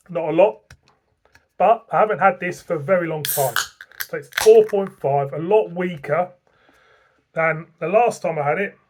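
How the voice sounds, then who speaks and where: A man with a Northern English accent reviewing beer in a blunt, rambling, sweary way. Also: high voice. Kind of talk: casual beer review vlog.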